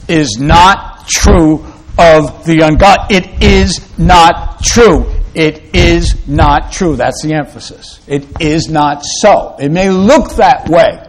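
Slow, deliberate male preacher. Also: a little high. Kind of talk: sermon.

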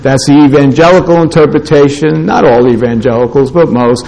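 A man's voice: a little high, brisk, vocal fry, hardly any pauses, a little mellow, low-quality recording. A man preaching a sermon, scolding and emphatic, hammering his points home with short repeated declarations. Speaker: pastor.

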